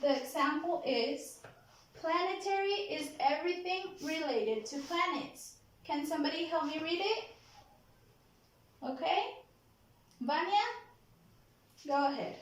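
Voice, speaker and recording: Woman teacher, high voice, slow and careful, drills pronunciation, keeps saying okay?. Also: lively intonation. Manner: slow, deliberate modeling of pronunciation, frequent "okay?" checks. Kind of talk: classroom vocabulary lesson. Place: classroom. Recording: very echoey classroom.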